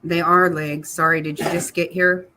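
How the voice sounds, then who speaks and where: A woman's voice: on the low side, flat delivery, normal speed, sharp tone. A woman hosting a casual livestream, answering viewers by name in a blunt, angry way and swearing freely. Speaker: livestream host reading chat. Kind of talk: casual live chat commentary.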